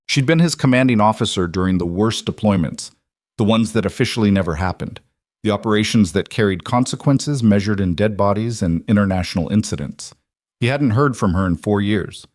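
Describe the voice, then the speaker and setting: A man narrates a thriller in a steady, even storytelling voice. His pitch sits on the low side. The recording is dry and close, with no room sound. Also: fairly quick, dry recording. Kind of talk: scripted narration.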